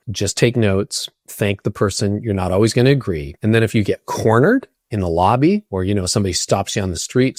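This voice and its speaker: Low-voiced earnest man giving advice. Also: a little mellow, dry recording, studio quality. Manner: earnest, repeats words when thinking. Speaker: church leadership speaker. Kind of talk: conversational advice talk to camera.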